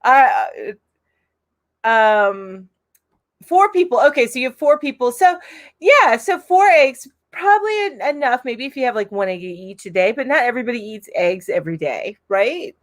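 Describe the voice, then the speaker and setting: A woman in her forties from Florida hosts a casual live stream, reading viewer comments aloud. Her voice sits a little high, and she keeps things chatty and upbeat, laughing easily between remarks. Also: sing-song, moderate pace. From Florida, USA.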